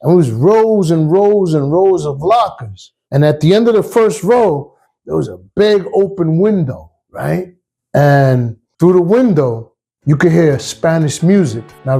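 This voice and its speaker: Husky-voiced New ex-cop storyteller. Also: male voice, a little high, warm tone. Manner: streetwise, casual, acts out voices. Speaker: retired police officer. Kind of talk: personal storytelling.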